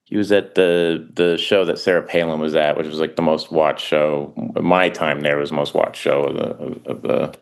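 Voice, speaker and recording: A middle-aged man talks casually as a podcast guest in a very low voice. He rambles, trips over his words and restarts, and drops into quick little impressions as he goes. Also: steady tone, creaky, clear, resonant tone. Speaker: guest, actor and comedian.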